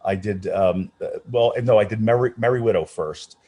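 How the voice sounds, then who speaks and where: A man's voice: on the low side, moderate pace. A middle-aged man, an opera singer, telling anecdotes in an interview with many restarts and acted-out voices. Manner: animated storyteller, many restarts, acts out quoted voices. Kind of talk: casual storytelling interview.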